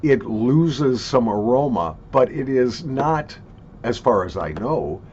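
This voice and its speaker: A man from Minnesota with a light, mostly trained-out Minnesotan accent, answering viewer questions with crisp radio-announcer diction and dry humor, recorded in a basement. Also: lowish voice, darkish tone. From Minnesota, USA. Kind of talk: slow deliberate vlog talk, words spaced apart. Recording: dull lo-fi audio with faint background hiss.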